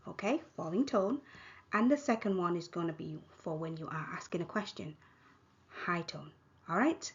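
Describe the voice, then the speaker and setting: A woman with a Thai accent teaching a language lesson, modeling words slowly and repeating them for the learner. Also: mid-range voice, dull audio. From Thailand. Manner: slow, repeated model pronunciation.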